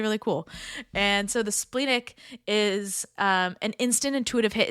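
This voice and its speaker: A woman's voice: mid-range voice, fairly bright tone, smooth, no room sound, studio quality. A woman hosting a podcast, giving casual coaching advice in a chatty, upbeat way with lots of filler words. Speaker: podcast host.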